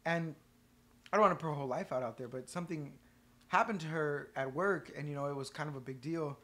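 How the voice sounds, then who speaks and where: A man co-hosting a casual podcast, telling a story in an animated, profane way. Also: a little high, fast talker. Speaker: podcast co-host, band member.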